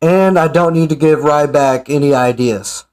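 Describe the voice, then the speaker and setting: A man's voice: a little high, normal speed, a little mellow, clear, resonant tone. A man giving casual, sarcastic ranting commentary as an online commentator. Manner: sarcastic, mocking.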